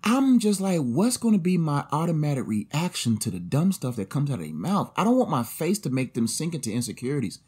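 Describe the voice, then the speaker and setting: A young man co-hosting a podcast in casual chat, animated and slangy, often acting out other people's voices. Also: on the high side, brisk, few pauses, slightly rough. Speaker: podcast co-host.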